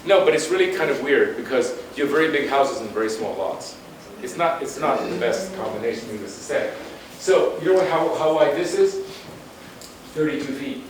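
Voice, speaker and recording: A man's voice: medium pitch, expressive, moderate pace. A man delivers a planning presentation to a room, his voice in the middle range. He speaks emphatically and casually, with blunt asides and frequent restarts. His voice is picked up from a distance in a heavily echoing hall with faint noise underneath. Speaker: guest lecturer on urban planning. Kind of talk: conference presentation with slides.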